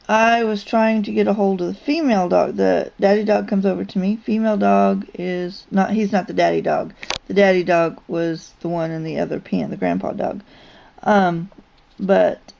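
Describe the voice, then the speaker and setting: A woman's voice: medium pitch, creaky, mellow. A woman vlogger telling a personal story in a casual, rambling way, with frequent ums and restarts. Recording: dull lo-fi recording.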